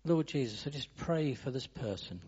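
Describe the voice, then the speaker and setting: A man's voice: mid-range voice, lively intonation, moderate pace, darkish tone, slightly rough, muffled recording. A man leading a church gathering, briefly thanking speakers and then leading a short prayer. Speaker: meeting leader.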